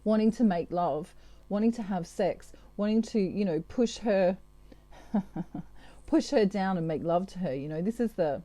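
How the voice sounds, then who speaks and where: A woman's voice: medium pitch, moderate pace, dark tone, no echo. A woman giving a casual, chatty tarot reading, full of fillers and asides. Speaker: tarot reader.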